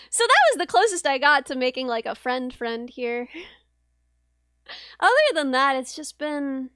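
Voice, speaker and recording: A young woman streamer tells a wry, meandering story in casual chat, full of fillers and little laughs. Her voice sits high. The sound is dry and close, with no room around it. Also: expressive, moderate pace, a bit bright, clear, resonant tone, no echo. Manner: chatty, rambling, wry, with laughs and many fillers. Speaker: vtuber streamer.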